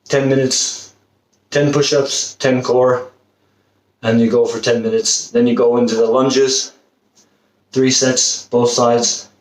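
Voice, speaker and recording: Breathless coach demonstrating drills, roomy and distant. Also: male voice, medium pitch, flat delivery, slow pace. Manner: encouraging, demonstrating exercises while talking. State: out of breath at times. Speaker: football fitness coach. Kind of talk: instructional workout demonstration. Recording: roomy, distant camera mic, faint noise.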